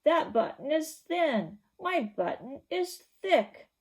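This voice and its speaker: A man's voice: high voice, sing-song, normal speed, gravelly, darkish tone, heavily acted. A woman voicing a fussy, upset male toad in a children's storybook read-aloud, talking in a whiny, complaining way. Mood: shouting. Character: fussy, upset toad who lost his button.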